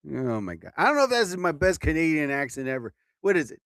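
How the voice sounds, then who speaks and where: A man's voice: fairly high pitch, very animated, quick pace, few pauses, a bit bright, no echo. A man hosting his own live stream as a comedian, chatting casually and rambling from topic to topic.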